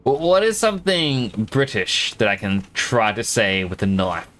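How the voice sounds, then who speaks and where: A man's voice: mid-range voice, big pitch swings, normal speed, a bit bright. A man with an Australian accent giving casual, joking commentary while streaming a game. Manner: chatty, joking, thinks aloud.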